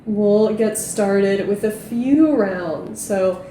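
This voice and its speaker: A young woman teaching a yoga class, gently cueing breath and movement. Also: medium pitch, extremely slow, hardly any pauses, roomy sound, slight background noise. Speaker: yoga instructor. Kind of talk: guided yoga class instruction.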